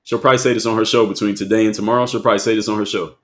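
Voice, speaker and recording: A man with a fairly low voice hosts a live stream and talks straight to his viewers. He drives his points home with repetition and keeps quizzing the chat. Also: flat delivery, racing, a bit bright.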